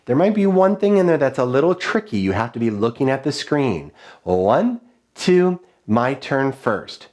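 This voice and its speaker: Very animated yet unhurried, a male music teacher with a darkish tone guides kids through rhythm dictation online. He chants the rhythm syllables in a high, sing-song way and gives clear, encouraging call-and-response directions.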